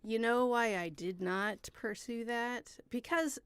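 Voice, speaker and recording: A woman co-hosting a casual podcast chat, playful and quick to laugh. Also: fairly high pitch, clear, resonant tone, no echo. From Illinois. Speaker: podcast co-host.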